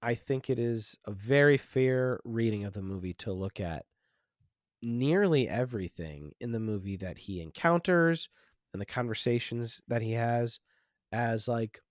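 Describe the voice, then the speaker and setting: A man's voice: medium pitch, lively intonation, a little slow, no room sound, studio quality. Reflective man hosting a film podcast. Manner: rambling, many restarts and fillers, reflective. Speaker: podcast host. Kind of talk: casual film discussion.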